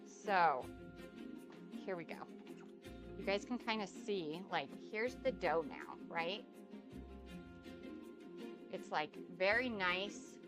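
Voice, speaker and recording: A woman's voice: fairly low pitch, animated, slow pace, long pauses, music in the background. A woman hosting a casual cooking live stream from her home kitchen, bubbly and effusive, thanking her viewers again and again.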